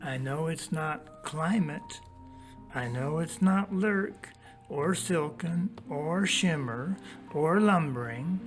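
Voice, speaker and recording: Soft music plays under a teacher's medium-pitched voice as a storybook passage is read aloud. What follows is a slow, deliberate walkthrough of a worksheet, with each step laid out for the young listeners being addressed.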